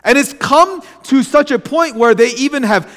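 Man, pastor, sermon, high voice, conversational, frequent restarts, church hall reverb. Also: lively intonation, normal speed, a bit bright. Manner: conversational preaching with repeated restarts and acted asides. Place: church sanctuary.

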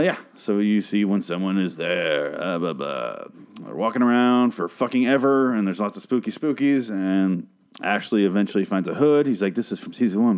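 A man recapping a TV episode in a casual monologue, rambling and profane, breaking off to act out the characters' lines in animated voices. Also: lowish voice, smooth. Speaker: show recapper.

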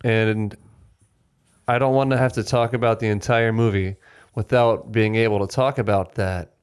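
Man with a smooth, resonant voice. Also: fairly low pitch. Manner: animated, quick bursts with restarts. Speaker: podcast co-host. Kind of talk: casual film-discussion chat.

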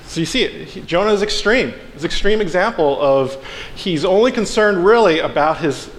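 A man's voice: high voice, lively intonation, moderate pace. A man preaching a casual sermon, telling a story with playful asides and acting out the characters. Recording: long hall reverb, faint background noise.

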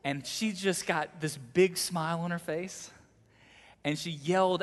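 A male pastor preaching a sermon, swinging between loud, emphatic exhortation and soft, close delivery. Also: on the high side, steady tone, unhurried. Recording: long hall reverb.

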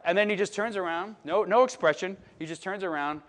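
A man in his late thirties from Chicago, preaching in a relaxed storytelling way and often asking the audience "right?" and "you know?". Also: high voice, a little fast. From Chicago, United States. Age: late 30s. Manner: chatty, filler-heavy, asks the audience "right?". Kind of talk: conversational sermon storytelling.

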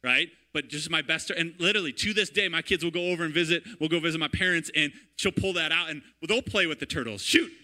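A man in his thirties preaching a sermon in a lively, conversational way, often checking in with "right?". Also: on the high side, quick pace, few pauses. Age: 30s. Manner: animated, conversational, repeats "right?" and "all right?". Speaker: pastor.

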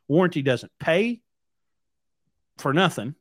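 A man's voice: on the high side, very animated, takes it slowly, long pauses, dry recording, studio quality. A man hosting a podcast, telling a long story in a rambling, blunt way, repeating words as he goes. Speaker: podcast host and trucking company owner. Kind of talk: casual storytelling.

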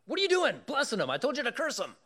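A man voicing a demanding, exasperated ancient male king who makes shrill, indignant outbursts. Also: lively intonation, normal speed, vocal fry, pushed and bright, full character voice.

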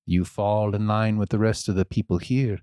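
A man playing a soft-spoken menacing jailer. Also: on the low side, little pitch movement, smooth, dry recording, close to an everyday voice. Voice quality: soft, slow, threatening. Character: menacing smooth-talking male jailer.

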